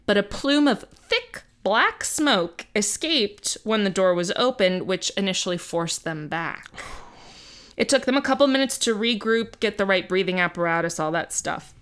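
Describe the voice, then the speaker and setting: A woman hosting a podcast, retelling events in a casual, conversational way and acting out quotes with lively asides. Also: medium pitch, clear, resonant tone. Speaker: podcast host.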